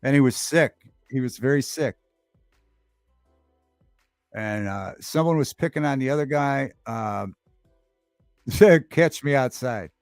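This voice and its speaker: A man hosting a relaxed livestream talk show, chatting loosely with viewers and repeating his favorite movie lines with relish. His voice sits at an ordinary middle pitch. It is recorded dry and close to the mic, with faint music playing behind him. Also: slow, pauses often, dry recording. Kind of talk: casual chat, reading live chat aloud.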